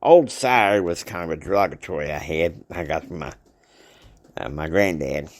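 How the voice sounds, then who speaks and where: A man casually retelling a family drama story in a rambling, halting way with many fillers. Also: extremely low pitch, no echo.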